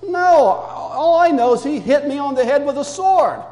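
A man's voice: extremely high pitch, expressive, moderate pace, darkish tone, echoey room, long reverb tail, voice pushed up. A man doing a whiny, evasive young boy. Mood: defensive. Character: young boy, defensive, feigning innocence.

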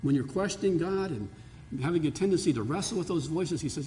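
A male pastor preaching a sermon with passion, rising to loud pleas and dropping to hushed lows. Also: expressive, fast, a little hiss or hum. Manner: impassioned, swinging between loud pleading and hushed lows. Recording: long hall reverb.

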